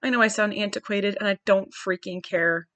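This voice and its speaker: A woman's voice: medium pitch, fairly even intonation, moderate pace, a bit bright, no echo. A woman in her forties hosting a podcast, candidly thinking aloud in a searching, wry monologue. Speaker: podcast host. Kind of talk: personal reflective monologue.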